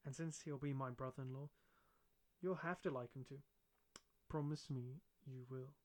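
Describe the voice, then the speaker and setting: Storybook reader: man voicing shy young woman student, gentle and wry, even-paced. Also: mid-range voice, normal speed, noisy background, lightly acted.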